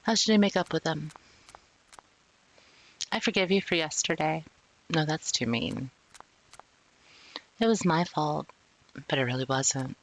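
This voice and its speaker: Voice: mid-range voice, unhurried, pauses often, a bit bright, poor audio. A streamer voicing a grieving young woman in a video game, pleading and indignant. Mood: wistful.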